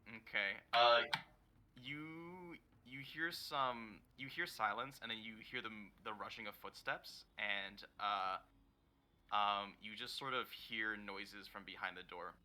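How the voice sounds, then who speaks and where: A man narrating as dungeon master in a tabletop game, pausing often with fillers. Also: on the low side, pushed and bright. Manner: hesitant, many fillers while narrating.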